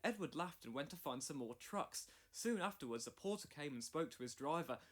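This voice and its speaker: A man narrating a children's railway story as a read-along, in a clear, measured way. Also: on the high side, expressive. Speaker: storybook reader.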